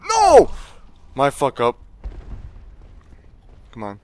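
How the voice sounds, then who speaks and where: A man's voice: lowish voice, animated, a little slow, fairly bright tone. A young man commentating his own gameplay, trash-talking enemies with lots of swearing and breaking into sudden yelps of alarm. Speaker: let's play host.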